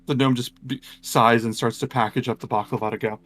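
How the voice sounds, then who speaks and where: A man narrating a tabletop game as game master, talking in a halting way full of ums and restarts. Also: medium pitch, fairly even intonation, a bit bright, soft background music.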